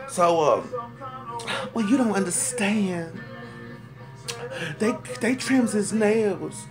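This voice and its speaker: With faint music behind him, a man whose voice sits high delivers a comic rant to camera at normal speed. He's heated, profane and rambling, repeating himself for emphasis and rising into loud, indignant outbursts as an animated storyteller.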